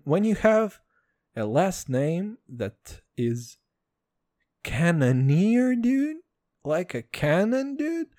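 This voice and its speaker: A young man from Israel hosting a casual solo podcast, rambling and swearing, with jumps in pitch. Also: mellow, no room sound, studio quality. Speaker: podcast host.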